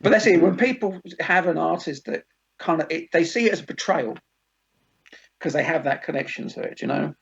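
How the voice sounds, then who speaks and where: A man hosting a podcast in casual chat, an animated storyteller who acts out quoted lines. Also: a little high, a little fast, vocal fry. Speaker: podcast host. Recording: dull lo-fi podcast audio.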